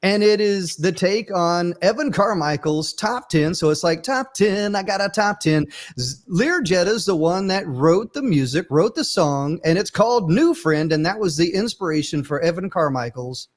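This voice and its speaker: Guy hosting a live panel stream, kinda high voice, animated, does little voices for quotes. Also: moderate pace, few pauses. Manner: animated, acts out quoted family members. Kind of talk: casual panel chat.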